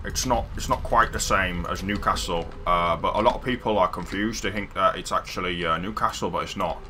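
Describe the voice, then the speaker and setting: A man doing a Middlesbrough accent, pitching his voice up and talking with lots of fillers. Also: a little fast, bright, forceful tone, slight background noise. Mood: chatty. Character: man from Middlesbrough, chatty and local.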